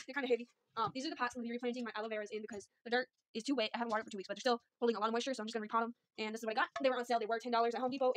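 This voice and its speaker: A woman's voice: on the high side, a bit bright, a little hiss or hum. A woman rambling casually through a shopping haul at home, filming on a phone. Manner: rambling, chatty, self-deprecating, southern y'all. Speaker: vlogger showing a shopping haul. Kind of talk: casual chat.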